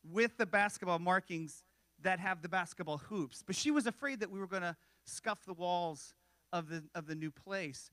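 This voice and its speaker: A man's voice: high-pitched, moderate pace, sharp tone, no echo. A man in his forties preaching a sermon in a conversational way, with joking asides and self-deprecating humor. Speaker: pastor.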